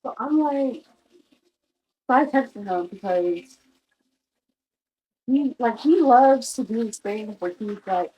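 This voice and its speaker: A woman's voice: fairly high pitch, lively intonation, slow, pauses often, mellow, lo-fi sound. A young woman telling a personal story in a casual, exasperated way, restarting her sentences and saying "like" often. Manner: exasperated, talks in restarts with lots of "like".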